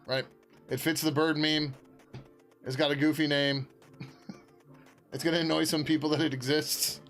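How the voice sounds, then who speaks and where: A man's voice: on the high side, level tone, moderate pace, fairly bright tone, soft background music. Laid-back man rambling while coding. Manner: rambling, laughs often, answers chat; swears casually, many fillers. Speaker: software developer streaming his work. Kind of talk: casual live-stream chat while coding.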